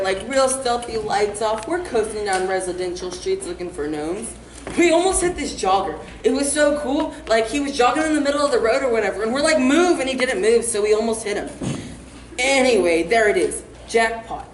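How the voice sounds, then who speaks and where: Young woman doing a slangy rambling comedy monologue, kinda high voice, echoey room w/ faint hiss. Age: teens to young adult. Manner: rambling, slangy, deadpan boasting. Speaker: student performer. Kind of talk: comic stage monologue.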